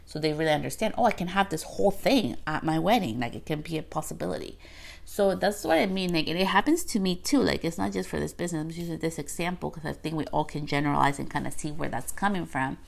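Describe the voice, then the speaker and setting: Gravelly low-voiced woman podcast host. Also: fast. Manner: chatty, filler-heavy, acts out quotes. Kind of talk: casual solo podcast talk.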